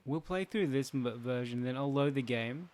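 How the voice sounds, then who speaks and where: A man's voice: medium pitch, normal speed, a little mellow. A man casually commenting as he plays a video game, chatting to his viewers and joking along. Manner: chatty, talks to viewers, jokes and laughs. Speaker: gaming channel host. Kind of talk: casual let's play commentary.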